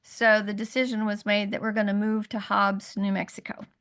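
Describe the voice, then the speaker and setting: A middle-aged woman on a video call, earnestly telling a hard personal story, halting and rising in pitch when upset. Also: level tone, a bit bright. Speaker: guest sharing her story. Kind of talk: emotional personal testimony.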